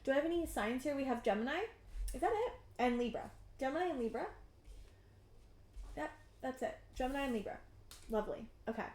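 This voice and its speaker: Woman, 30s, tarot reader: gushing and effusive, somewhat high voice, roomy sound. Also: brisk, pauses often. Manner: excitable and effusive, lots of restarts and "I'm getting". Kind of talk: pick-a-card tarot reading to camera.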